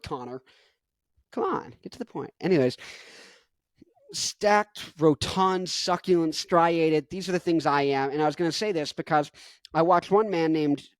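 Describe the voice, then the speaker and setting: A man's voice: on the high side, dry recording. A man in his twenties rambling in a jokey, self-mocking way as he talks to camera for his vlog. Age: 20s. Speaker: musician vlogger. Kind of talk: casual rant to camera.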